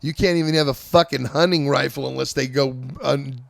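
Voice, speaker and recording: A man in his fifties hosting a casual chat, telling old touring stories in an animated, profane way. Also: mid-range voice, brisk, vocal fry, no room sound, studio quality. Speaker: host.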